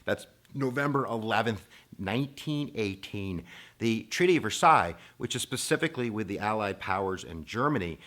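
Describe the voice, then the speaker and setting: A man delivers a casual video history lesson with a fairly low voice. He talks informally and playfully, and swings into loud, emphatic bursts for effect. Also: animated, normal speed. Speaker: teacher. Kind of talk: energetic video lecture.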